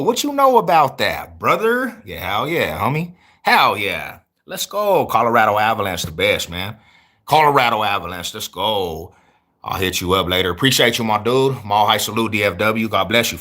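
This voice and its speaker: A man in his forties chatting casually on a livestream, answering viewers with hyped street slang and loud shout-outs. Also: on the low side. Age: 40s. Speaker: YouTuber.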